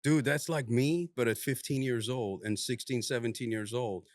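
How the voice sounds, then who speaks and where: A man's voice: mid-range voice, normal speed, no room sound. A man in his forties, raised in Iran with Farsi as his first language, hosts a loose podcast chat with an easy, joking manner. He laughs readily and keeps tossing in asides like "you know what I'm saying". The room sound is dry and close. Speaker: podcast host. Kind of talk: casual podcast conversation.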